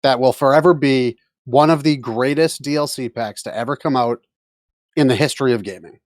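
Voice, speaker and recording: A man's voice: mid-range voice, a little fast, dry recording. Co-host guy ranting about games and coffee, swears a lot, dry close sound. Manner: emphatic, swears freely. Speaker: podcast co-host. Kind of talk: casual podcast chat.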